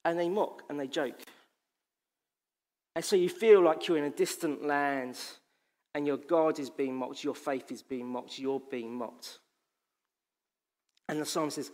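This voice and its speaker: A man's voice: fairly high pitch, measured pace. A man preaching a sermon in an impassioned, emphatic way, repeating phrases for weight.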